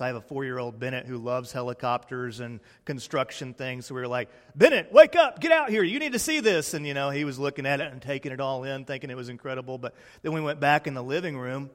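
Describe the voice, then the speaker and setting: A pastor, preaching a sermon with slow emphatic pauses and a hush at key lines. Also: male voice, medium pitch, flat delivery, big-room sound.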